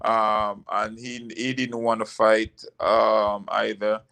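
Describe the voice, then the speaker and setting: A man with a gravelly, bright voice, talking as a guest in a casual interview. He tells his stories in a loose, rambling way and leans on fillers. His voice has a worn, rough grain. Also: lowish voice, takes it slowly. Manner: relaxed, rambling storytelling with fillers. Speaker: guest, former boxer.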